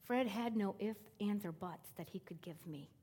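A woman preaching and telling a story, her delivery swinging from emphatic rising calls to hushed near-whispers. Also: medium pitch, moderate pace, husky, long reverb tail. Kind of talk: sermon with storytelling.

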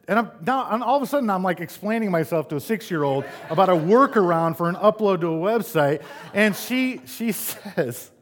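Man preaching a conversational sermon. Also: moderate pace. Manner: conversational preaching, storytelling, rises in pitch when animated. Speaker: pastor.

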